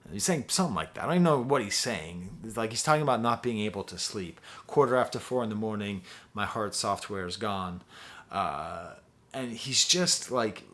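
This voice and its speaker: A man's voice: fairly low pitch, lively intonation, moderate pace, a bit bright. Chatty man reviewing an album. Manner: enthusiastic, rambling, many fillers. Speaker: music reviewer.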